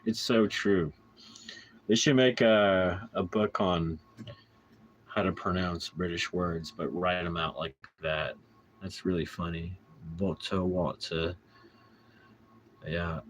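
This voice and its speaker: A man's voice: low-pitched, steady tone, takes it slowly, a little hiss or hum. An American man chatting casually in a late-night vlog, answering his chat in a playful, rambling way and laughing often.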